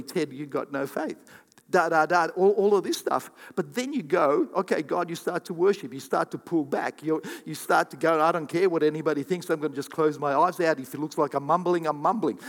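High-voiced preaching pastor, hall echo. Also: male voice. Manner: animated, acts out quoted voices, repeats for emphasis. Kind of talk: sermon. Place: church hall.

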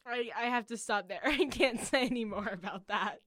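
A young woman co-hosting a casual podcast, jokey and excitable, often breaking into laughter. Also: on the high side, moderate pace, hardly any pauses, no echo, studio quality. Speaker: podcast co-host.

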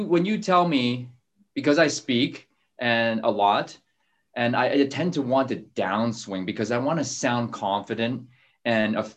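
Earnest man host asking questions. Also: mid-range voice. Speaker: host interviewing a voice coach. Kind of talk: casual coaching call.

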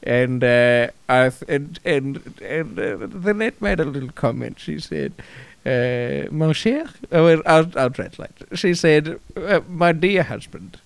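A man co-hosting a comedy podcast, telling rambling stories in a halting way with many restarts. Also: mid-range voice, gravelly, smooth, no echo. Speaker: podcast co-host. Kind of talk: improvised comedy banter.

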